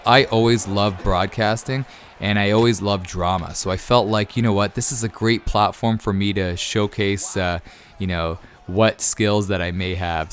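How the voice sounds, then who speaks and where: A man in his thirties answering viewer questions in a rambling, easily excited way with many fillers. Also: lowish voice. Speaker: YouTube gaming creator. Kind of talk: casual Q&A over gameplay.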